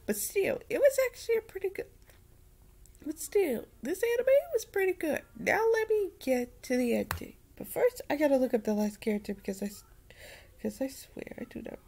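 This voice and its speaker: A woman giving a casual anime review, rambling and repeating herself in an animated way. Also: high-pitched, normal speed, creaky.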